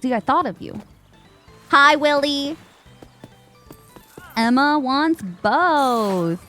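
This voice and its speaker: This Twitch streamer, a young woman, chats away to game characters and welcomes her viewers during live gameplay. Her high-pitched, slightly bright voice has lively intonation and is extremely slow, with faint background music.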